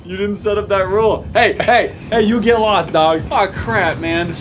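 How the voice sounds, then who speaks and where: A young man hosting a gaming video, loud and laughing, trash-talking with slang. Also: high voice, normal speed, a little hiss or hum. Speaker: gaming channel host. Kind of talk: excited gameplay banter.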